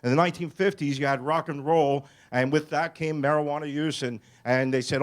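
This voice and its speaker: A man addressing a public meeting, building up with mock-alarmed quotes and forceful delivery. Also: a little high, a little fast. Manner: mocks alarmed voices, rising and forceful. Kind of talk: public speech. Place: meeting hall.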